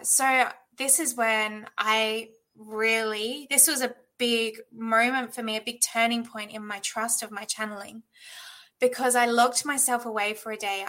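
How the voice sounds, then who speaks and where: A woman's voice: on the high side, pushed and bright. A woman in her thirties, a guest in a conversation, telling a personal story in a reflective, earnest way with many filler words. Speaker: guest, intuitive channel.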